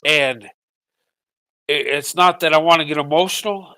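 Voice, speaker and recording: Middle-aged male vlogger, high-pitched, tearful and faltering, dry recording. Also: bright, forceful tone, clean tone, dry recording. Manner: halting, repeats words, voice breaking with emotion. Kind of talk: emotional personal monologue.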